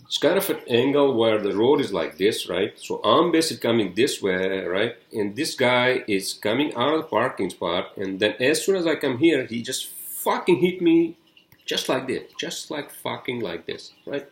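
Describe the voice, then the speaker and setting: A man hosting a podcast, telling a casual, rambling story full of swearing, getting louder when he is worked up. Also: mid-range voice, animated, moderate pace, roomy sound. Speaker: podcast host.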